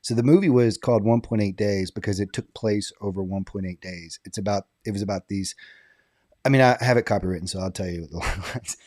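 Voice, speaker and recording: A man's voice: on the low side, fairly quick, no room sound. Dry-sounding man telling a story. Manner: animated, laughing anecdote-teller. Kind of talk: casual storytelling chat.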